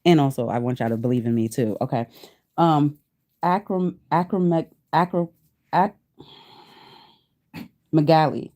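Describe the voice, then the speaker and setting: A woman in her thirties hosting a casual livestream chat, reading search results aloud to viewers, laughing often and sounding out hard words slowly. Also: low-pitched, fairly even intonation, warm tone. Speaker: livestream host.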